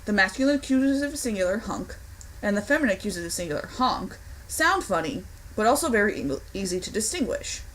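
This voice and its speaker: A young woman delivers a recorded online lecture on grammar. She explains each point clearly and deliberately, her voice sitting at an ordinary middle pitch, with now and then a small slip of the tongue. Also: expressive, a little hiss or hum, poor audio. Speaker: Latin instructor.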